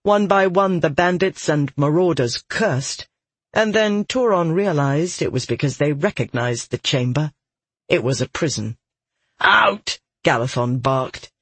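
A man reading a fantasy novel in a measured, steady way, as an audiobook narrator on a close mic. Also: a little high, breathy edge, no echo.

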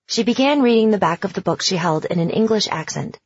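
A woman's voice: mid-range voice, expressive, fast talker, few pauses, husky, no echo. A woman narrating a first-person young-adult novel in a dry, understated manner. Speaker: audiobook narrator. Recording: dull, lo-fi.

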